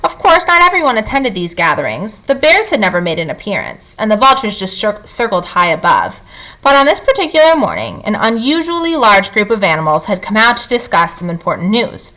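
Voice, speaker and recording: A woman reading a children's novel aloud in an expressive, animated way. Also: medium pitch, fairly quick, rough recording. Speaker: reader. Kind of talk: read-aloud storytelling.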